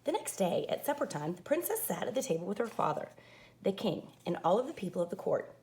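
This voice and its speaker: Woman teacher, storybook read-aloud, animated and creaky. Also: medium pitch, fast talker. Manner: expressive, animated reading.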